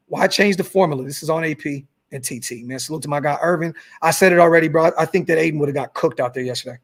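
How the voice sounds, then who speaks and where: Here a fired-up young man with a high voice hosts a lively sports talk livestream. Reading the live chat, he swears, repeats words, and reads superchats aloud.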